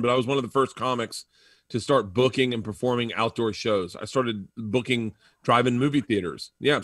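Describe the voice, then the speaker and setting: Animated storytelling comedian, dry sound. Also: male voice, mid-range voice, no room sound. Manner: animated, acting out quotes. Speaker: comedian guest. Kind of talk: storytelling in an interview.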